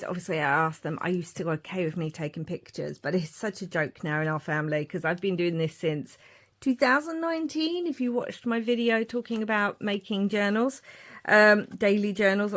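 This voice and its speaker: A woman's voice: medium pitch, a little fast. Woman, forties, casual crafting show-and-tell, rambling asides. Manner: chatty, rambling, warm asides. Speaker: crafting vlogger.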